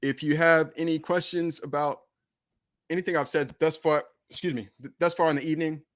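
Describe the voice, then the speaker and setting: Guy streaming, rambly and loose, swears a lot, kinda high voice. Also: fairly even intonation, fairly quick. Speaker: streaming show host and rapper. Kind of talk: casual livestream chat.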